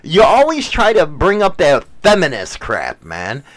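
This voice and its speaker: Middle-aged guy joking around w his wife, high voice that bounces all over, teasing. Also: huge pitch swings, unhurried, fairly bright tone. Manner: teasing, joking, mock-chauvinist. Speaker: podcast co-host. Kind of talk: casual banter with his wife.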